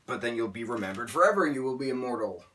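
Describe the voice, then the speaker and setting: A young man reviewing a book in a casual vlog, rambling and excitable, often stammering and restarting. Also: mid-range voice, rapid-fire, recorded from a distance.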